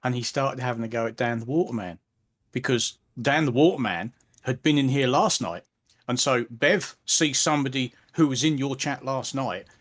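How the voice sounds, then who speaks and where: A man's voice: medium pitch, moderate pace, a bit bright. A man, a guest in a casual chat, amused and stammering through restarts.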